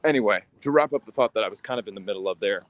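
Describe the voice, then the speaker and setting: A man's voice: fairly low pitch, dry recording. Young man reflecting while walking outdoors. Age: 20s. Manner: reflective, halting, sighs often. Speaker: livestreamer. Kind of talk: walking livestream talk. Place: outdoors on city streets.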